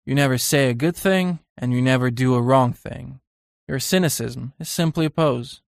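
A man's voice: mid-range voice, moderate pace, gravelly, no echo, studio quality, lightly acted. A man voicing an earnest young painter in an audiobook, confiding and uneasy in tone.

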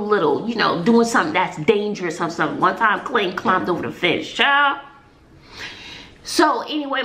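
A woman's voice: mid-range voice, vocal fry, a bit bright. A woman in her forties, a single mom, chatting to her viewers in a rambling, talkative way. She often laughs and loses her train of thought. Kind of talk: casual chat to viewers. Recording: roomy echo.

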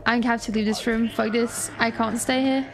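A woman streamer giving first-time gameplay commentary, excitable, laughing and swearing often as she talks to her chat. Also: on the high side, background noise. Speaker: gaming streamer.

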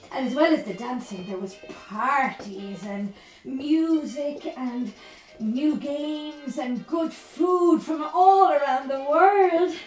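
A woman playing a lively Spanish immigrant woman. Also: sits high, recorded from a distance, exaggerated voice. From Spain. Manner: animated storyteller, laughs often, playful. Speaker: stage performer. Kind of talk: one-woman theatre monologue. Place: theatre stage. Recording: roomy stage sound from afar, faint music.

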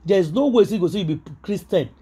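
A woman's voice: mid-range voice, animated, quick pace, warm tone, breathy edge. A Nigerian woman hosting a gossip vlog, talking in an emphatic, repetitive, preachy way and mixing in Pidgin. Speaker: gossip vlogger. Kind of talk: casual celebrity gossip commentary.

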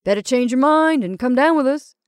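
A booming, hearty gentleman of the house, stern when surprised and jovial as a host, as a woman reading a story puts him on. He exclaims his lines with force. The sound is dry and close, with no room around it. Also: expressive, fairly quick, dry recording.

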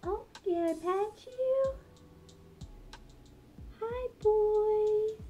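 A woman voicing a gentle, soft-spoken stranger who coaxes pet birds in a high voice. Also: drawn-out words, exaggerated voice. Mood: coaxing.

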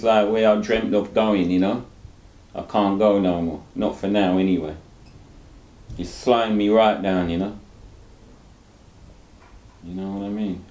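A man's voice: fairly low pitch, warm tone. Man speaking candidly in a roomy space. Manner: rambling, tagging lines with "you know", rueful laughter. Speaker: interviewee, dialysis patient. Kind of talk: candid interview. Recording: roomy echo.

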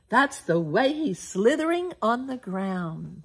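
A woman reading a children's picture book aloud in a playful, animated sing-song, with big exclamations. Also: mid-range voice, takes it slowly, few pauses, slightly rough. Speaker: children's storybook reader.

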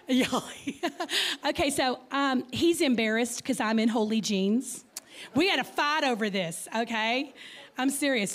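With a fairly high pitch and a slightly slow delivery, a Texas woman in her fifties chats through a guest talk in church. She stutters a little and puts many questions to the audience.

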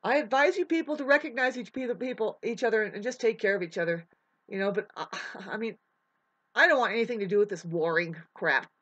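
A woman's voice: mid-range voice, a little fast, a bit bright, muffled recording. A woman delivering a heated, preachy vlog monologue, swearing often as she lectures her listeners. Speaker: vlogger. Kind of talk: profane ranting monologue.

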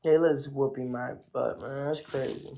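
Gravelly, mellow-voiced man on a live stream. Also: medium pitch, fairly even intonation, normal speed. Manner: laid-back, thanking viewers for gifts. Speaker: livestreamer. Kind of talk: casual live-stream chatter.

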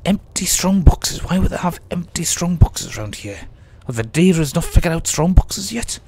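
Male let's-player with a sore throat, rambling, keeps wandering, slightly high voice. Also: expressive, moderate pace, a little mellow, slight background noise. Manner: rambling, chatty, mock-grumbling at the game; drifting in and out of put-on accents. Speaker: let's play gamer. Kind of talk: casual gameplay commentary.

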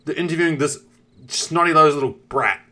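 A male streamer telling a long story to his chat in an animated way, swearing freely and greeting viewers. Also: a little high, brisk. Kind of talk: casual live-stream storytelling.

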